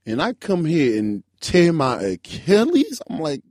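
A man in his twenties telling a story in loose casual chat, animated and full of "bro" and "like". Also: on the high side, a little slow, dry recording, clean studio sound. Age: 20s. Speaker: podcast guest.

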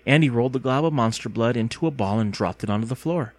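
Expressive male storyteller, close dry sound. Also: medium pitch, quick pace, hardly any pauses, no room sound. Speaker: narrator. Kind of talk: audiobook narration.

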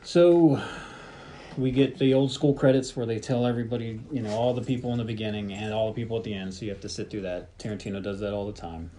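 Man, low voice, mellow tone, relaxed rambling podcast host, faint room noise. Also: fast talker. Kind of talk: casual chat about a film.

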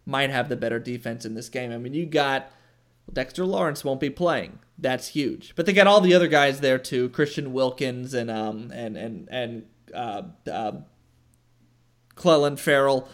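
A man of middle pitch co-hosting a casual sports podcast. He jokes around, trails off, and keeps correcting himself mid-sentence as he talks. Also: moderate pace. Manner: self-correcting, joking, hesitant. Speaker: podcast co-host.

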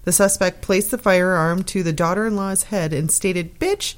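A woman's voice: lowish voice, steady tone, normal speed. A woman on a podcast panel, reading a news story aloud and giggling now and then.

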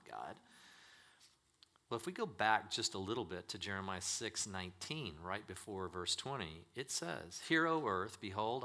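A pastor preaching a sermon in a church, emphatic and swinging between loud declarations and hushed asides. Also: male voice, on the low side, vocal fry.

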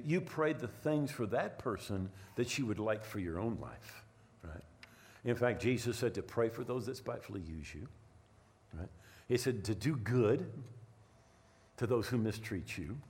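Animated preaching man telling a story. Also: medium pitch, vocal fry. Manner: animated storytelling, repeats words, asks "right?". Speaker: pastor. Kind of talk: sermon with personal story.

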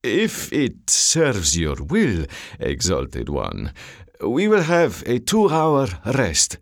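A wary soldier commander picks his words with great care, deferential and tense before masters he fears, as a man reading an audiobook voices him. His voice is a man's low tone lifted a little for the role, with lively rises and falls. The sound is dry and close to the mic. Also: drawn-out words, no room sound, heavily acted. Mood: careful. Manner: careful, deferential. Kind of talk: audiobook character voice.

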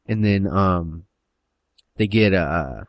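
Low-voiced man rambling through a story. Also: slow pace, no echo. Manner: rambling, full of fillers. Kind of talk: casual storytelling chat.

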